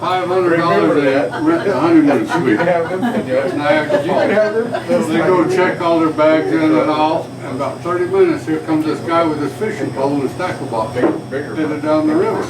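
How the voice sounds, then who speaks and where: High-voiced man telling bar jokes. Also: normal speed, over a noisy crowd. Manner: folksy, animated storyteller voicing characters. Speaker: bar patron. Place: saloon bar, indoors. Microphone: far camera. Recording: echoey bar recorded from far off. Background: loud bar noise.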